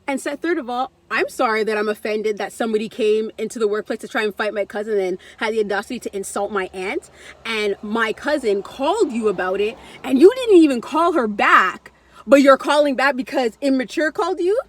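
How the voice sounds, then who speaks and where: Blunt, animated young woman telling a story. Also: a little high, brisk, dry recording. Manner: animated, blunt and profane, acting out what others said. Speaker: vlogger. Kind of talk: casual storytime vlog.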